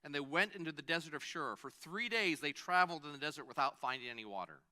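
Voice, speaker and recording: A man's voice: on the high side, animated, fast talker, sharp tone. A man preaching a sermon in a conversational way, stopping to restart phrases and add asides. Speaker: pastor.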